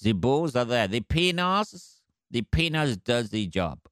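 Comic bit: man voicing a proud French-accented bulldog, slow and smug, mid-pitched. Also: big pitch swings, a bit bright, no echo, studio quality. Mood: smug boasting. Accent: put-on French. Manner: slow, boastful drawl.

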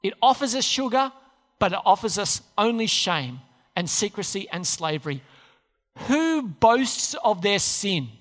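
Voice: mid-range voice, big pitch swings, measured pace, fairly bright tone. A preacher giving a sermon, telling a story with rhetorical questions and acted-out quotes. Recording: long hall reverb.

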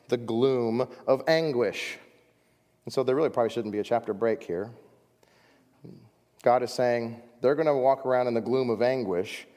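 A man preaching a sermon as a pastor, reading scripture and swinging between loud emphasis and hushed lines. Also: medium pitch. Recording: long reverb of a large hall.

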